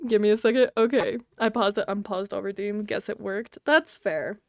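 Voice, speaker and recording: A woman's voice: mid-range voice, fairly even intonation, normal speed, dry recording, studio quality. A woman streaming live, chatting casually and scatteredly with her chat and laughing often.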